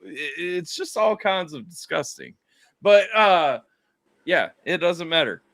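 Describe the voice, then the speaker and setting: A young man hosting a casual livestream, telling a story with excited, loud bursts. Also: sits high, measured pace. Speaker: stream host.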